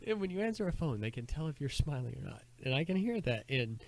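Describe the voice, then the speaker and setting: Animated bawdy podcast host. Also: male voice, a little high, fast. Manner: bawdy joke-telling, loud character voices. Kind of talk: casual chat. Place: back porch, outdoors.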